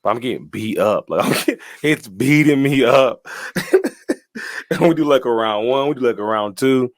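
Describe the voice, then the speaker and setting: A man's voice: mid-range voice, animated, a little fast, no echo, studio quality. A young man telling his story casually as a guest, slangy and often laughing, with lots of "like" and "bro.".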